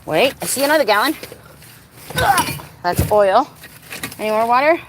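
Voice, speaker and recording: A woman's voice: on the high side, sing-song, moderate pace. A woman chatting casually to her viewers while working on her car outdoors, playful and talkative. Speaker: vlogger. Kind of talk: casual live-stream chat. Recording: outdoor recording with clear background noise.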